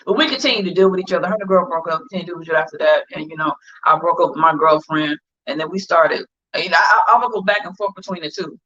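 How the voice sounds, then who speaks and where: A woman's voice: lowish voice, racing, few pauses, fairly bright tone. A woman telling a story in casual chat on a livestream, blunt and profane. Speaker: guest. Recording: dull lo-fi livestream audio.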